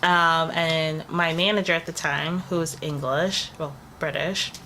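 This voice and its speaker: Young woman travel vlogger, getting over a cold, slightly low voice, chatty and rambling, faint noise behind. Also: steady tone, unhurried, pushed and bright. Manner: chatty, rambling, many fillers. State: recovering from a cold, coughing. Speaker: travel vlogger, channel co-host. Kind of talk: casual storytelling to camera.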